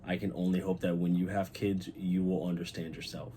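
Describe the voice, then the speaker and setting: A young man with a very low voice talks through a TV episode in a loose, excited vlog style. He swears freely and turns heartfelt, and a faint hiss sits under his voice. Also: a little fast. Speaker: channel host. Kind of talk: casual episode recap.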